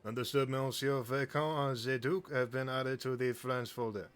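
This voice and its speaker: A man's voice: mid-range voice, fairly even intonation, moderate pace, fairly bright tone, clean tone, voice pushed up, close to an everyday voice. A man voicing a male AI agent program in a put-on French accent, formal and obliging. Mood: courteous. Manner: formal, obliging, calls people monsieur.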